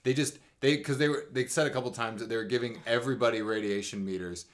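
A man co-hosting a podcast in relaxed casual chat, wry and swearing offhandedly. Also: mid-range voice, fast. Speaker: podcast co-host.

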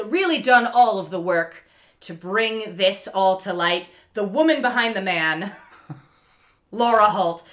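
Bright-voiced woman recapping a show. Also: medium pitch. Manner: animated storyteller, laughs often, swears casually. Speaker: podcast co-host recapping a TV episode. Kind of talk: casual chat, retelling scenes with quoted voices.

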